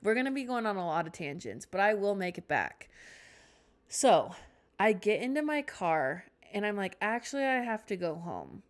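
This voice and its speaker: A woman's voice: mid-range voice, sing-song, moderate pace. A young woman hosting a podcast, telling a rambling storytime with tangents and self-mocking asides. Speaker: podcast host. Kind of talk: casual storytime chat.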